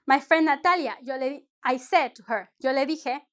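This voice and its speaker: A woman's voice: high voice, normal speed. A woman from Mexico, teaching a casual online lesson in a rambling, chatty way with lots of self-corrections. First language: Spanish. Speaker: Spanish teacher.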